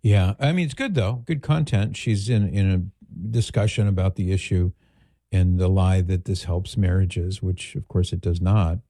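A male radio host with a low, warm voice talks in a relaxed, rambling way, pausing with fillers as he sets up clips. The studio sound is close and dry, with soft music now and then. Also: dry recording. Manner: relaxed, conversational, with fillers and asides. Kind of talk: talk radio commentary.

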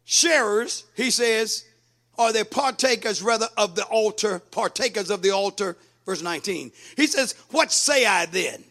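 A man preaching a sermon, fervent, breaking into shouts and sing-song cadences. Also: high voice, expressive, measured pace.

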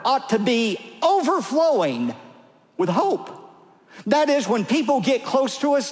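A middle-aged man preaches in a big sanctuary, his high voice leaping up and down with fervor. His words ring out with a long trailing reverb that fills the hall. He presses each point hard and swells to urgent cries. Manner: emphatic preaching, swelling to loud cries on quoted calls. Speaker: pastor. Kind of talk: sermon. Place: large church sanctuary.

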